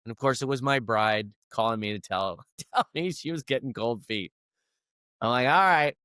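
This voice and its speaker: A middle-aged leadership coach with a mid-range, fairly bright, clear and resonant voice speaks at a moderate pace in studio-quality audio with no room sound. He tells a personal story in an interview, earnest and conversational, acting out the quoted dialogue.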